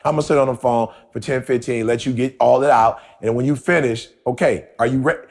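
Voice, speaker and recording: A man's voice: medium pitch, steady tone, a little fast, gravelly. A man co-hosting a podcast, telling a story in casual talk and repeating himself as he goes. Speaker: podcast co-host.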